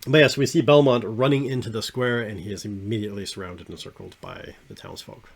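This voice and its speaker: A man hosting a podcast, talking casually and enthusiastically about an animated series, often trailing off quietly at the ends of phrases. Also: on the low side, fast, creaky, husky. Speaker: podcast host.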